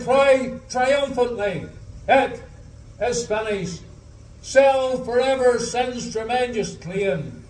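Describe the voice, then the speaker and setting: A Northern Irish man preaches the gospel at an outdoor meeting, his voice set very high and his delivery slow and deliberate. He pleads earnestly with his listeners. The sound is echoey and heard from some distance off the mic. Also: a little mellow. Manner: earnest pleading appeals, repeated "dear friend", slow drawn-out scripture quotes. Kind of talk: open-air gospel sermon.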